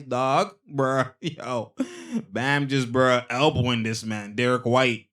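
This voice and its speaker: A man talks through basketball replays in a loose, slang-heavy way, laughing often as he points out plays. His voice sits in an ordinary middle pitch. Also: slow. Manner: excitable, slangy, laughs often between remarks. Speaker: host. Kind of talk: casual basketball replay breakdown.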